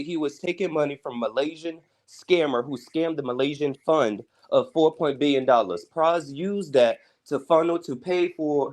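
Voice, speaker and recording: A man with a fairly high voice calls in to a live stream and explains celebrity gossip at length, talking on in a steady flow. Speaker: caller. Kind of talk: call-in chat.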